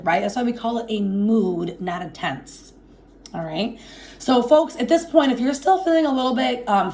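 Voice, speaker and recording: A woman teaching a grammar lesson in a classroom, slowing down to stress her example sentences and checking in with "okay?". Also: medium pitch, darkish tone. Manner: slow and emphatic when reading example sentences; checks understanding with frequent "okay?". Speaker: Spanish teacher. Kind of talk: classroom lecture.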